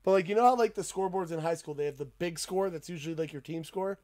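High-voiced profane young man telling stories. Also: fast talker. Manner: profane, animated storytelling with laughs. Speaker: podcast host. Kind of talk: casual podcast chat.

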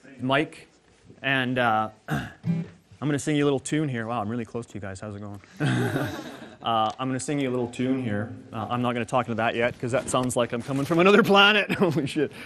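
A man's voice: mid-range voice, fairly quick, a bit bright, faint music behind, natural voice. Man doing a hot-tempered redneck oil-rig guy, rambling and joking onstage. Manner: rambling, joking stage banter. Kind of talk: live stage character monologue.

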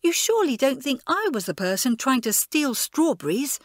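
A woman's voice: mid-range voice, sing-song, normal speed, no echo, studio quality. A woman voicing a hot-tempered, spirited schoolgirl who speaks crossly and indignantly.

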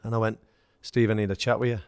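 An English man, a former footballer, telling lively anecdotes in casual chat and acting out the quoted dialogue. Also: on the low side, quick pace, dry recording, clean studio sound. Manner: storytelling, acts out quoted dialogue, laughs. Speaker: former footballer, podcast guest.

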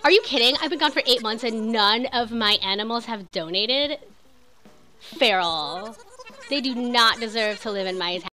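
A young woman chatting excitedly while streaming a video game, full of "like" and quick reactions. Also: a little high, faint music behind. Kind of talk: casual game streaming chat.

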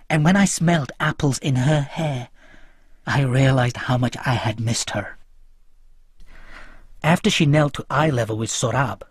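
A man reading a novel aloud as a first-person audiobook narrator, in a quiet, restrained way. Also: mid-range voice, slightly rough, no echo, clean studio sound.

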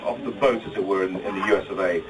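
A man's voice: sits low, fairly even intonation, quick pace. A man with a British accent giving his wedding speech, self-deprecating and jokey, tripping over restarts. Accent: British English. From Britain. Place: wedding reception hall with guests. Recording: distant, crowded reception with chatter and laughter.

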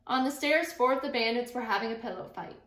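Bright-voiced teacher reading aloud. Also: female voice, on the high side, fast. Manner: expressive storybook reading, interjects to the class. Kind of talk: reading a picture book aloud. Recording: echoey room.

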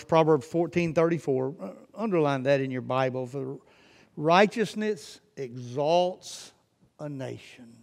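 A man preaching a fervent sermon as pastor, his intensity rising and falling. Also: fairly high pitch. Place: church sanctuary. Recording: church service recording with long hall reverb.

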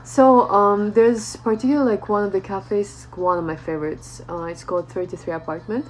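A woman vlogger telling a casual story in a chatty way, full of fillers and lively retelling. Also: medium pitch, moderate pace, poor audio. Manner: chatty, peppers speech with "like", animated retelling.

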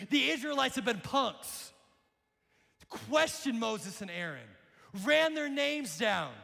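A male pastor preaching with energy, swinging from shouts to hushed lines. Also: extremely high pitch, creaky. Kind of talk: sermon. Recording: long hall reverb.

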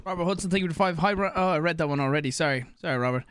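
A man's voice: a little high, rapid-fire, clean tone. A young Irish man chatting casually while he plays a game on a live stream, rambling, swearing and thanking viewers for donations. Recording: steady background noise with mouse clicks.

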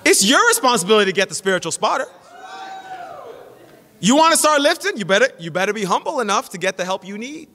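A middle-aged man preaching a sermon as pastor, telling stories in an animated way and acting out the quotes. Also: high voice, quick pace. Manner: animated storytelling, acts out quotes. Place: church sanctuary. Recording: echoey church hall.

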